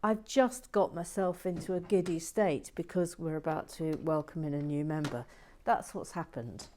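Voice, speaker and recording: A woman hosting a brick-building channel, reading out viewer messages in a playful, sassy, theatrical way with hushed asides. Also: low-pitched, fairly even intonation, normal speed, slight background noise.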